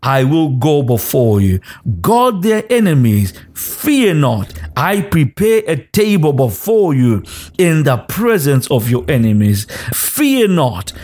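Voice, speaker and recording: Slow, insistent preaching man. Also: mid-range voice, big pitch swings, a little mellow. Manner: repetitive exhortation, rising into sung cadence; speaks in tongues between exhortations. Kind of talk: sermon.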